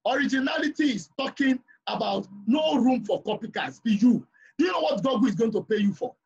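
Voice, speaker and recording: A man's voice: very high-pitched, expressive, fairly quick, gravelly, slightly rough, highs cut off. A man teaching a live class, emphatic, repeating his points and often asking the learners if they follow. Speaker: lecturer.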